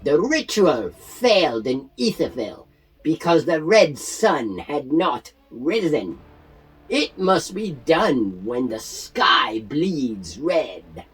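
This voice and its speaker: A man voicing a zealous male goblin shaman draped in bones, speaking in slow, ominous declarations. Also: mid-range voice, breathy edge, full character voice.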